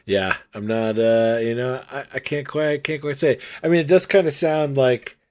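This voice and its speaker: A man's voice: mid-range voice, moderate pace. A man co-hosting a book podcast, chatting casually and agreeably, often trailing off with fillers. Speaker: podcast co-host. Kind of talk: casual book-recap chat.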